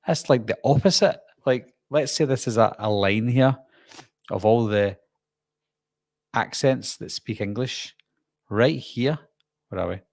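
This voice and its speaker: A middle-aged man with a Glaswegian Scottish accent, hosting a relaxed live stream and chatting while reading out viewer comments. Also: mid-range voice, unhurried, gravelly, long pauses, no echo. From Scotland. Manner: chatty, jokey, reads comments aloud and answers. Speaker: channel host.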